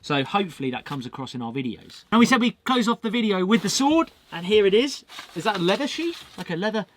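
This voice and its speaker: A man's voice: sits high, sing-song, fast. A male channel host chatting casually as he reads out viewer mail and thanks the senders.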